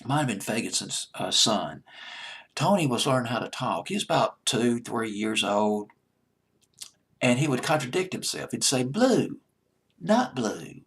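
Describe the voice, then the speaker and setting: A chatty man with an Alabama drawl counts down old hits like a deejay. His voice is a little husky and sits at an ordinary pitch. He's loose and enthusiastic, and he laughs and restarts his sentences. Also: lively intonation, moderate pace, fairly bright tone. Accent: Southern US (Alabama). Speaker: radio-style countdown deejay. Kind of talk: casual countdown commentary.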